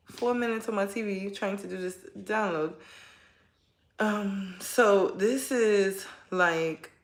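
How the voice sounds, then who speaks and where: Chatty woman reading tarot in an echoey room. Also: medium pitch. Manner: chatty and heartfelt, addresses viewers directly. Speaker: tarot reader. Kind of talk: casual tarot reading to viewers. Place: at home, kids nearby.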